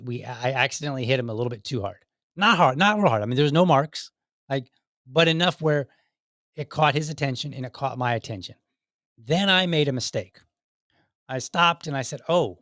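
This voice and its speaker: A man's voice: mid-range voice, a bit bright, dry recording, studio quality. A man in his thirties hosting a solo talk show, speaking in a conversational way with frequent restarts and asides. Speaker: podcast host.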